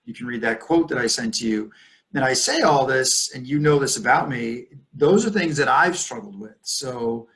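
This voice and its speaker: A man in his fifties, a guest in casual conversation, speaking candidly and reflectively. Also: fairly bright tone. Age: 50s. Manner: candid, reflective, mid-pitched.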